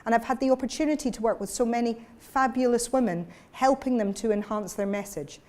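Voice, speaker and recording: A woman communications coach giving a workshop lecture, lively and demonstrative with her audience. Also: fairly high pitch, brisk.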